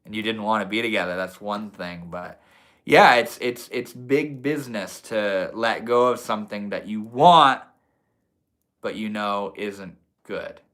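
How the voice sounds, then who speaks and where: Young male streamer with a bright, forceful voice. Laid-back, slangy and swears freely while chatting with his viewers. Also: fairly low pitch, measured pace. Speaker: livestream host. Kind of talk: casual livestream chat reading comments.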